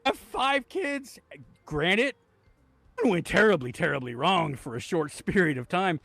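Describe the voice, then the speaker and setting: A middle-aged man speaks as an interview guest in a casual, profane, blunt way, laughing easily. His pitch moves around a lot. The sound is dry and close, with no room around it. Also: big pitch swings, unhurried, gravelly, a bit bright, no room sound, soft background music.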